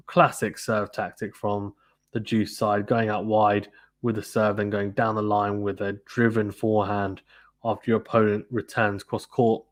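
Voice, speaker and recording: Guy doing casual tennis play-by-play, lowish voice, chatty. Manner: chatty, reads viewer comments, fillers like "to be honest with you". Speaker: live stream tennis commentator. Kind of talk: play-by-play commentary.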